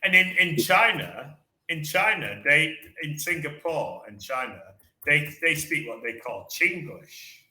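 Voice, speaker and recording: A man with a Manchester accent teaching English over a casual online call. His voice is very bright and forceful, and the room around him rings with a roomy echo. He chats freely and repeats words slowly to show how they sound. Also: a little high, very animated. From England. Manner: chatty, repeats words, models pronunciation.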